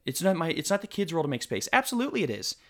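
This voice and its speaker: A man's voice: a little high, wildly swooping pitch, very fast. Emphatic man co-hosting a faith podcast. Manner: emphatic, argues in long runs of points. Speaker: co-host. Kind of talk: casual podcast discussion.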